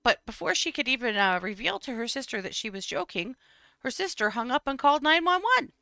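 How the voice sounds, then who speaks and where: Female co-host, bright, dry sound, wry storyteller, casual chat. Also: on the high side, lively intonation, fairly quick, vocal fry, no echo. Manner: storytelling, wry, frequent "mm-hmm". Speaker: podcast co-host. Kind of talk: casual true crime chat.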